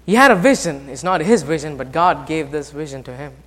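A man preaching a sermon as pastor, rising from hushed talk to loud, fervent passages and putting questions to the congregation. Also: on the high side, lively intonation, fairly quick. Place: church. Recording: long hall reverb.

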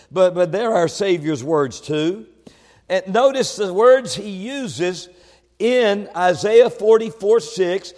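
In a large hall, a male preacher with a high voice delivers a sermon. He alternates between quiet, conversational asides and loud, shouted proclamations.

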